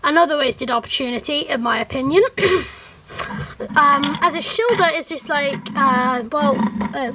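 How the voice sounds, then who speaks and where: A woman, chatting casually to camera as a fan reviewer, animated and rambling with plenty of fillers and restarts. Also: high voice, measured pace, very noisy.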